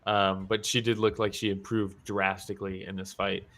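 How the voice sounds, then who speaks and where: Bright-voiced man recapping fights. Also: low-pitched, normal speed. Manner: animated, laughs often, many fillers. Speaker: co-host. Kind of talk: casual fight-recap chat.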